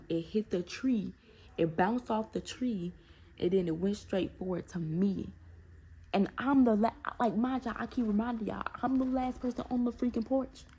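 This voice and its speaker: Gravelly-voiced young woman telling a story. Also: mid-range voice. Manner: animated, talks straight to viewers with repeated asides. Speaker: storytime vlogger. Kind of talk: casual storytelling to camera.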